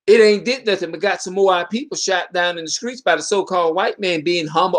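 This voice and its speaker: High-voiced man preaching at his viewers. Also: brisk. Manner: preachy, hammers repeated rhetorical questions; stumbles and restarts mid-sentence. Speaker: video commentator. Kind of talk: impassioned spoken monologue to viewers.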